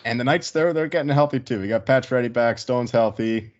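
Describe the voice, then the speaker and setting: A man's voice: mid-range voice, fairly quick, dull audio. A man giving casual, profane hockey betting picks in a joking, rambling way. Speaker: sports betting panelist. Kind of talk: casual sports betting chat.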